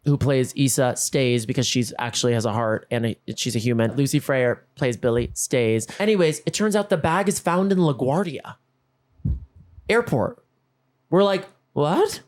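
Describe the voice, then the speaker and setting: A man hosting a podcast, telling a comic story and acting out both sides of each conversation. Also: fairly high pitch. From Los Angeles. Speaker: podcast host. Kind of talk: comedic storytelling monologue.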